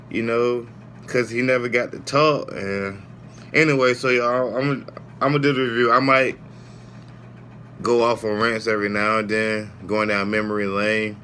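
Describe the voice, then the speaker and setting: Rambling man with a bright, forceful voice. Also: medium pitch, steady tone, moderate pace, a little hiss or hum. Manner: rambling, heartfelt, frequent "man" and "you know". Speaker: wrestling show reviewer. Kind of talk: casual spoken review.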